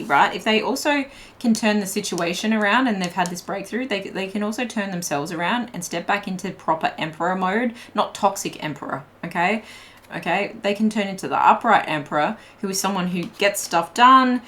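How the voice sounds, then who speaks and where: A woman's voice: medium pitch, a bit bright, slight background noise. A young woman giving a casual tarot reading, chatty and full of fillers, laughing often as she talks. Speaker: tarot reader.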